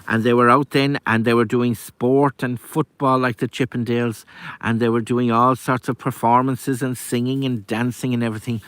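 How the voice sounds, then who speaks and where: A man telling a folk tale in a lively, chatty way with asides. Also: medium pitch, moderate pace, smooth, dry recording. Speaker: storyteller. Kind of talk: oral folk storytelling.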